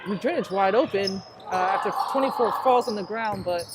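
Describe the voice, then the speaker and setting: A woman doing play-by-play for a high school basketball game, nervous and excitable, chatting to listeners between plays. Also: moderate pace. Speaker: play-by-play announcer. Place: school gym during a game. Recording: noisy gym sound. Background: crowd ambience and bouncing basketballs.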